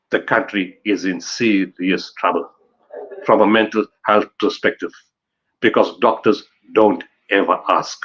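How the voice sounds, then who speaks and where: A man's voice: lowish voice, a little slow, a bit bright, dull audio. A man from South Africa giving an emphatic conference talk on disaster management, building his points through repetition and rhetorical questions.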